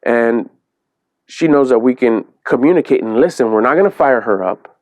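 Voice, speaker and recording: A chatty middle-aged man talking straight to camera in a relaxed vlog, retelling a family moment. His voice sits at an everyday pitch and is recorded dry and close, with no room echo. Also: moderate pace, phone-quality sound. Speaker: vlogger. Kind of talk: casual vlog storytelling.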